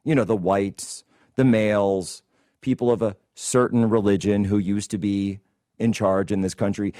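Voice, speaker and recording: A man's voice: on the low side, steady tone, normal speed, mellow, no room sound, studio quality. A man hosting a political commentary show, ranting in a combative, indignant way. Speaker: host.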